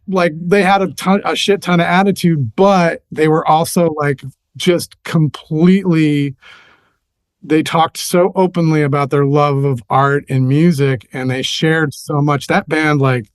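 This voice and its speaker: A middle-aged man in casual chat, his voice sitting a little high for a man. He rambles through stories with frequent restarts and turns animated as memories come back. The sound is dry and close, with no room around it. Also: dry recording. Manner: rambling, restarts often, animated when recalling. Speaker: podcast guest, musician.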